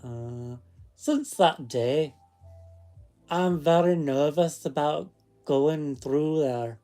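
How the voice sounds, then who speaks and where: A man's voice: on the high side, extremely slow, warm tone, soft background music. A man reading ghost stories aloud in a put-on Scottish accent, chatting casually between passages. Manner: chatty asides that break off the reading. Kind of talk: casual read-aloud storytelling.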